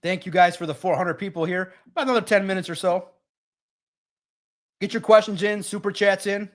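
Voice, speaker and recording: A man's voice: sits high, fairly quick. A man hosting a live sports stream, talking casually and with energy straight to his chat viewers. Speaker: sports livestream host.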